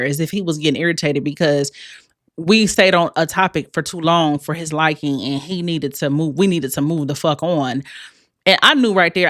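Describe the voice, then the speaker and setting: A woman's voice: low voice, dry recording, clean studio sound. A woman hosting her own podcast, telling a personal story in a frank, profane way, laughing often and speaking straight to her listeners. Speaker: podcast host. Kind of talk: candid storytelling monologue.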